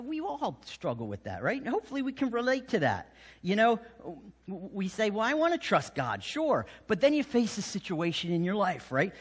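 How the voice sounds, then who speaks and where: Man, pastor, sermon, fairly high voice, lively pitch, long church reverb. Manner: animated storytelling, acting out voices with sudden drops to a hush. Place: church sanctuary.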